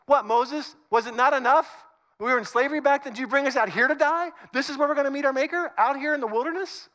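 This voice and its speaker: A man's voice: very high voice, fast talker, bright, forceful tone, pitched above the performer's own voice. A man doing sarcastic, whiny complaining Israelites.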